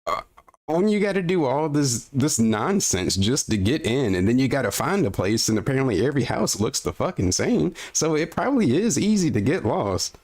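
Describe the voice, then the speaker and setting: A man's voice: medium pitch, sing-song, moderate pace, darkish tone. A man streaming, reacting to a video with incredulous, ranting commentary and casual swearing.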